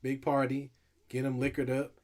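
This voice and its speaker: A man co-hosting a sports talk show, bantering in an animated, joking, slangy way. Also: mid-range voice, normal speed. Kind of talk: casual banter.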